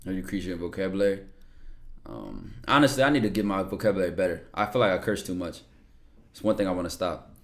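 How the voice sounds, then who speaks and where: This young streamer's voice sits low and creaky yet fairly bright, moving fast in a sing-song way. Chatting casually, he answers viewers bluntly, swears a lot, leans on slang, and repeats himself.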